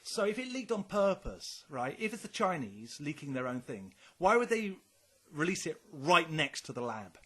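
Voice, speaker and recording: A man's voice: on the high side, very animated, normal speed, fairly bright tone. A man co-hosting a casual podcast chat, rambling and speculating, swearing often. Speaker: podcast co-host.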